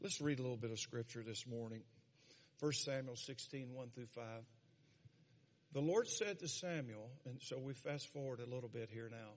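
A man preaching a sermon, retelling a story with lively acted-out voices. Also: mid-range voice, moderate pace. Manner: animated, dramatizes scenes with voices. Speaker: pastor. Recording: long reverb of a large hall.

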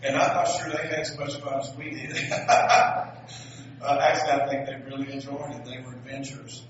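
A man's voice: medium pitch, flat delivery, moderate pace, a little hiss or hum. A pastor with a Southern US accent preaching a sermon, folksy and joking as he tells stories. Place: church sanctuary. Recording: echoey hall, distant dull mic.

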